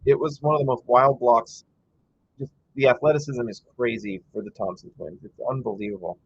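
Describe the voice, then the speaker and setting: A man's voice: mid-range voice, steady tone, brisk, breathy edge, dry recording, muffled recording. A man hosting a casual live game-watch stream, chatty and reading viewer comments aloud, breaking into frustrated rants. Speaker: livestream host.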